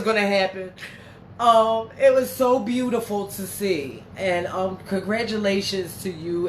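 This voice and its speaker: With her nose a little stuffed up and congested, this livestream host reads out viewer comments in a brash, chatty way and swears freely. She speaks unhurriedly at a medium pitch, recorded in an echoey room with slight background noise.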